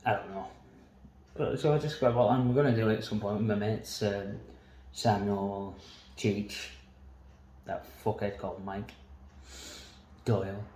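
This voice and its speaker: A man's voice: on the low side, steady tone, a little slow, pauses often, mellow, reverberant, a little hiss or hum, poor audio. A man telling a long personal story in a waffling, casual monologue, swearing often and laughing between lines. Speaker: vlogger.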